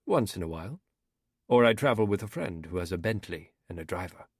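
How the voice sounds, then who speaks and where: A man reading an audiobook, voicing a smooth Somali pirate commander with an African accent, calm and proud. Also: deep voice, a little fast, no room sound, clean studio sound, full character voice.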